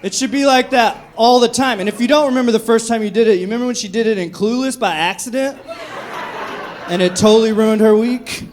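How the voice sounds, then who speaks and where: Man, stand-up comedian, fairly high voice, profane, chatty, comedy club. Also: fairly quick. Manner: profane, conversational, acts out drunk voices.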